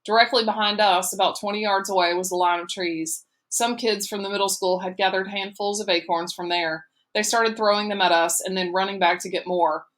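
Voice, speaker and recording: Female audiobook narrator, measured storytelling delivery, mid pitch. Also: fairly even intonation, fairly bright tone.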